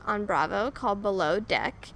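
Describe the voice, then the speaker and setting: A woman's voice: mid-range voice, normal speed, fairly bright tone, a little hiss or hum, rough recording. A woman co-hosting a podcast in casual chat, rambling and chatty with lots of fillers. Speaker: podcast co-host.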